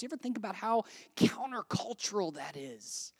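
Animated conversational pastor preaching. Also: medium pitch, a little fast. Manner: conversational, with frequent "right?" asides; animated, swings between soft and loud. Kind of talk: sermon.

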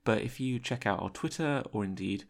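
Whispering raspy man. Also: mid-range voice, moderate pace. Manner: hushed whisper, rambling with many fillers. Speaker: podcast host. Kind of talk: whispered solo interlude. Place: editing suite, early morning.

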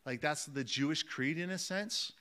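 Guy preaching a sermon, kinda high voice, hammers phrases over and over. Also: normal speed, sharp tone, smooth. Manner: emphatic, repeats phrases for weight, addresses listeners as friends.

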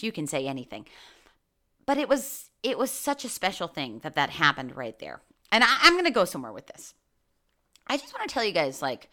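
A woman's voice: medium pitch, bright, forceful tone. A woman vlogger talking candidly about a road trip and anxiety, swearing freely and getting fired up.

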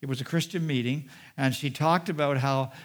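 A man preaching a sermon, reading scripture aloud and commenting, with emphatic peaks and quiet, soft-spoken asides. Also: medium pitch, fairly even intonation, a little fast. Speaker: pastor.

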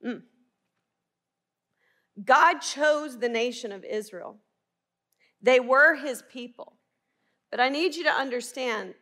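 A woman's voice: on the high side, fairly bright tone. A middle-aged woman from Arkansas with a Southern twang, teaching the Bible earnestly and emphatically, often asking her listeners rhetorical questions. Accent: Southern American twang. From Arkansas, USA.

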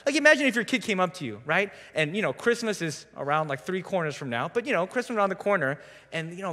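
A man's voice: high voice, big pitch swings, quick pace, sharp tone. Young man preaching in a reverberant church. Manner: conversational storytelling with self-deprecating humor. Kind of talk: sermon. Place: church sanctuary.

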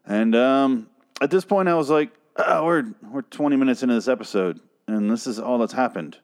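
A man's voice: medium pitch, brisk, a little mellow, clean tone. Profane, exasperated man ranting about a show. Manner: profane, exasperated, rambling with restarts. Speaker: TV show reviewer. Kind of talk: casual episode recap and rant.

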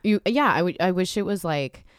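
Woman, low voice, dry close mic, candid chatty co-host. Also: lively intonation, fairly quick, clean tone, dry recording. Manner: candid, chatty, lots of "like" fillers. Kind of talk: frank casual chat.

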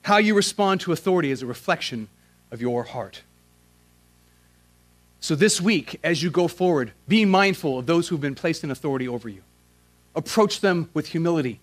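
A man preaching a sermon as a pastor, in a casual, slangy way, swinging from loud emphatic questions to quiet, earnest prayer. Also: fairly high pitch, lively intonation, normal speed, pauses often.

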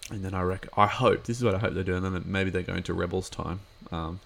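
A man's voice: sits low, fairly even intonation, fast talker, vocal fry, a bit bright, a little hiss or hum. A man giving a casual watch-along commentary of an episode, chatty and rambling with lots of filler words.

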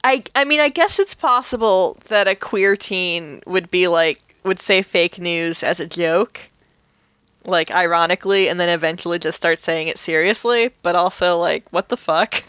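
A woman's voice: on the low side, normal speed, fairly bright tone, clear, resonant tone, no room sound, dull audio. Woman podcast host, casual rambly recap, lots of ums and swearing, dry close sound. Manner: chatty, swearing, full of fillers and laughs.

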